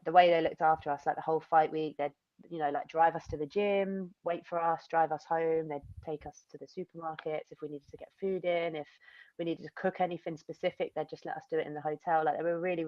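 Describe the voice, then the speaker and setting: A young woman fighter from the UK tells her stories in a loose, rambling way, full of fillers, with a lowish voice. The recording is dry and a bit muffled, like a lo-fi interview setup. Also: brisk, no echo. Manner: rambling, animated storytelling with many fillers and acted-out quotes. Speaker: MMA fighter, interview guest. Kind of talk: casual interview chat.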